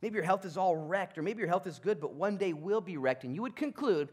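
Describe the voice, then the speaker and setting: A man's voice: high-pitched, lively intonation, brisk, few pauses, breathy edge. A man pastor preaching a sermon, telling the story with energy and acting out the people in it.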